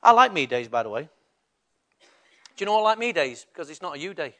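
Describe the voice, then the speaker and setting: A man's voice: fairly high pitch, sing-song, fairly quick, bright, forceful tone. A male pastor preaching a sermon in a conversational way, rising to emphatic bursts.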